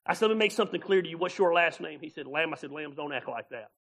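This pastor has a high, bright voice and a quick pace. His sermon is folksy and animated, full of laughter, and he acts out little scenes along the way.

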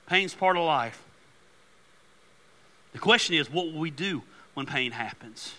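Middle-aged male pastor preaching, high-pitched and very bright, animated joker who turns earnest. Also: measured pace, long pauses. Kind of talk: sermon.

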